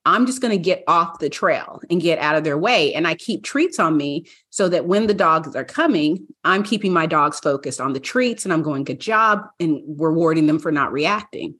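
A woman co-hosting a podcast in casual chat, an animated storyteller who laughs often. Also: moderate pace, hardly any pauses, husky. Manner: animated storyteller, acts out her dogs in high voices, laughs often. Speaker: podcast co-host.

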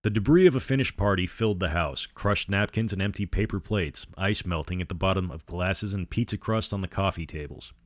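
A man's voice: sits low, brisk, few pauses, no echo, studio quality. A man narrating a horror novel aloud, reading every character in his own voice. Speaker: storyteller.

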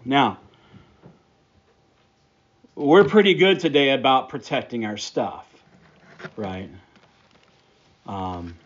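A man's voice: mid-range voice, slightly rough, dull audio. A man preaching a sermon, praying and then teaching through a Bible passage with emphatic, repeated phrases. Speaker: pastor.

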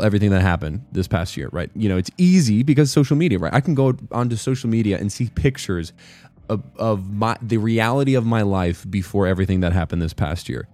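A man's voice: lowish voice, a little mellow, dry recording. A man giving a casual devotional talk, rambling and correcting himself, often checking in with "right?". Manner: rambling, self-correcting, keeps asking "right?". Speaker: worship music commentator.

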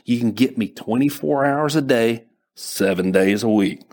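A male narrator puts on a good-natured Texan embassy official with a broad Southern drawl. He speaks in a jovial, friendly manner, his voice leaping higher in moments of reassurance, over a slightly husky timbre. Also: measured pace, a little mellow. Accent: Southern US, Texas.

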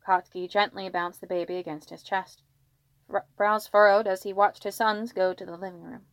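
A woman narrating a fanfiction story in a steady storytelling read. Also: fairly low pitch, fairly quick, dry recording. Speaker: fanfiction reader. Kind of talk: audiobook narration.

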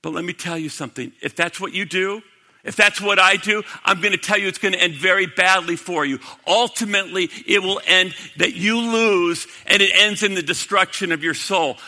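A man preaching a sermon to a congregation, dramatic, swinging from loud to hushed. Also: high-pitched, normal speed. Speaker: pastor. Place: church sanctuary. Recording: long hall reverb.

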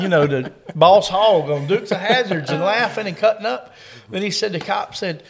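A man's voice: a little high, brisk, vocal fry. A middle-aged man from Kentucky with a Southern accent, a coon hunting dog handler telling a story in an interview in a folksy way. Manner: folksy storyteller, laughs through the funny parts.

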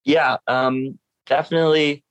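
Young man telling an animated story. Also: fairly high pitch, a little slow, dry recording. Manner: animated, acts out other people's lines in a raised voice. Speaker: professional surfer guest. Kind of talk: casual storytelling in an interview.

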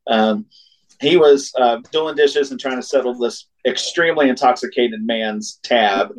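A man's voice: medium pitch, unhurried, rough recording. Man telling a road story, laughing often. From Ohio. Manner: animated, laughs often, acts out quoted voices. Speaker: singer-songwriter guest. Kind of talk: casual storytelling.

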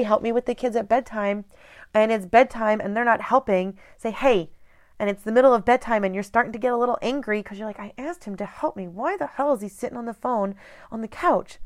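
Woman, 30s, host of a casual motivational talk. Direct, earnest, smooth clear voice. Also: medium pitch.

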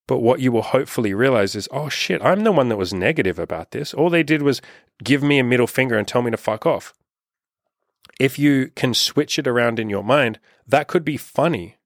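A man's voice: mid-range voice, no room sound, studio quality. A man giving blunt, profane dating advice in a casual monologue, acting out rude exchanges along the way. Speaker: dating coach.

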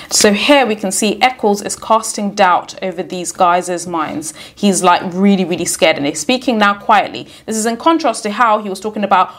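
A woman's voice: mid-range voice, moderate pace, few pauses, a bit bright. A woman teaching an exam lesson and explaining a story extract, often checking in with "okay?" as she goes. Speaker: English teacher.

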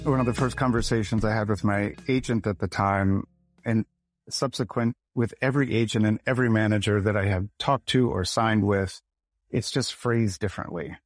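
A man's voice: fairly low pitch, moderate pace, soft background music. A man from Michigan, an actor and podcast guest, telling a story in a casual interview and acting out the quoted lines. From United States, Michigan. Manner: animated, acts out quoted dialogue.

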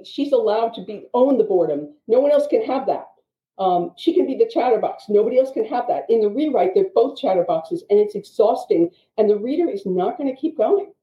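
A woman teaching writing craft, explaining in an animated way with quick asides. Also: fairly high pitch. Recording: dull, echoey audio.

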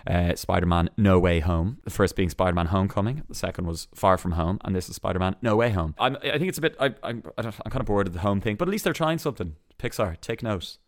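Man, podcast host, sarcastic chatty asides, deep voice, dry close-mic sound. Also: lively intonation, fast, few pauses, no echo. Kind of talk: casual solo entertainment news chat.

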